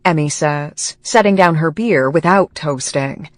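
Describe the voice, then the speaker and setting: A woman reading a first-person romance audiobook, slow and emotional in a measured way. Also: low-pitched, dry recording, clean studio sound. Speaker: audiobook narrator.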